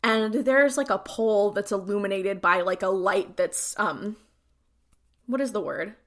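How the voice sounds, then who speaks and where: A woman co-hosts a podcast, casually recapping and retelling scenes with plenty of fillers. Her voice is medium-pitched and a bit bright, and she speaks at a measured pace.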